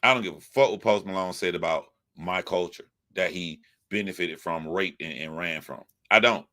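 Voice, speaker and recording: A young man rants in a forceful, bright voice that sits a little low in pitch. He swears constantly and hammers his points by repeating them, in a loose, emphatic commentary style. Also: moderate pace. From United States. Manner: profane, emphatic, repetitive. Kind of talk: ranting commentary.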